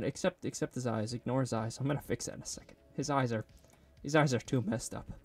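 Sculpting a 3D model, this video creator keeps up a casual, joking monologue aimed at himself. He talks fast at a medium pitch with a slightly mellow tone. No echo is audible.

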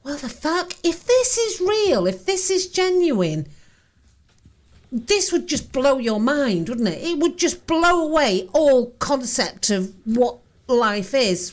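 A woman reacting to a ghost-hunting video, jumpy and exclaiming, swearing often. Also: high voice.

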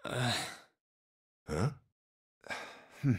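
A man's voice: extremely slow, dry recording. An actor voicing a wary man in a video game who questions things as he searches a room. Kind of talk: voiced game dialogue. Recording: dry game audio under music.

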